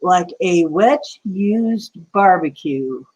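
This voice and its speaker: A woman's voice: fairly low pitch, lively intonation, very slow, a little mellow, poor audio. A woman hosting a casual livestream, rambling and answering viewers' chat comments with conspiratorial asides. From United States. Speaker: livestream host.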